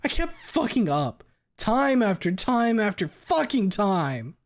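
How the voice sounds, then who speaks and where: A distraught, remorseful young woman, as a man reading a fan fiction puts her on speaks through tears. Her anguish spills into loud, cursing bursts before sinking back into bitterness. It sounds like a heartfelt story reading rather than a polished production. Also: mid-range voice, moderate pace, breathy edge. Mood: furious. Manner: anguished, shouting and swearing in bursts.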